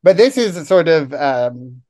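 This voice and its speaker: A podcast co-host talking through a TV episode with dry humor and thoughtful analysis. The voice sits at a middling pitch, and it often slows down deliberately to choose its words. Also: big pitch swings, a little mellow. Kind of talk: casual TV analysis chat.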